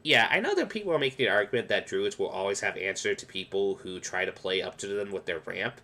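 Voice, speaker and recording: A man's voice: on the low side, expressive, fast talker, sharp tone. A man casually explaining card game strategy tips in a rambling, explanatory way. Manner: explanatory, rambling with restarts and quoted asides. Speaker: gaming video creator. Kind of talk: casual gameplay tips commentary.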